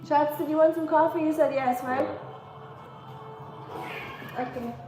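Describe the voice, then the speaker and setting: A woman with a German accent hosting a casual livestream at home, chatting with viewers, answering the chat and filling pauses with "um.". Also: high-pitched, steady tone, over music, low-quality recording. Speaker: livestream host.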